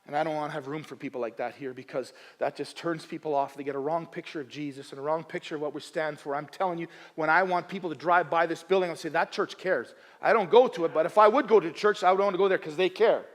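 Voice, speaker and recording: A male pastor preaching a sermon with humor at his own expense, moving between soft asides and loud emphatic bursts and often repeating his phrases. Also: fairly high pitch, fast, few pauses, long reverb tail. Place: church sanctuary.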